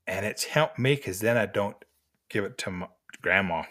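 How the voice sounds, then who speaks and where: An older man giving gentle, encouraging life lessons to mentees at an unhurried pace with pauses. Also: fairly low pitch. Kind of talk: motivational talk to mentees.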